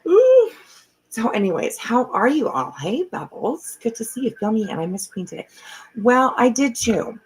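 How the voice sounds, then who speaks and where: A woman's voice: on the high side, lively intonation, moderate pace, breathy edge, rough recording. A middle-aged woman hosting a casual livestream from home on a computer mic. She talks in a rambling, chatty way and swears freely. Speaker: livestream host.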